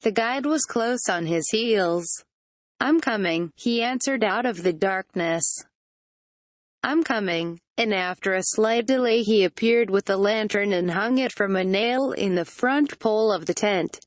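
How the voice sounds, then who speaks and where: Synthetic female narrator, audiobook reading, mid pitch, flat delivery, dry close sound. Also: moderate pace, few pauses, no room sound.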